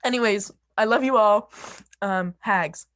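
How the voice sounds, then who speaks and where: A woman's voice: medium pitch, unhurried, fairly bright tone. A young woman giving an emotional farewell speech on a video call, laughing nervously and fighting back tears. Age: young adult. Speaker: student representative.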